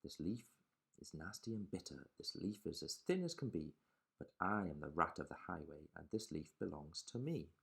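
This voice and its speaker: A man voicing a greedy, bullying male rat highwayman in a storybook reading, gruff and swaggering. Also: big pitch swings, normal speed, full character voice.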